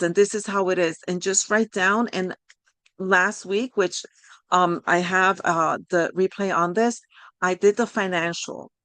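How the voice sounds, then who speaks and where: A woman's voice: medium pitch, fairly bright tone, dry recording. A woman with a non-native English accent leading an online coaching workshop, encouraging and rambling with many fillers and apologies, speaking over a video call. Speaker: life coach leading a group session.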